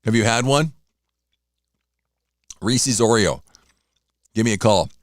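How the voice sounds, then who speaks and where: Talking fast in a medium-pitched voice, a man runs a morning radio show by himself, rambling chattily about sports scores and snacks while eating. The studio-quality recording has no echo.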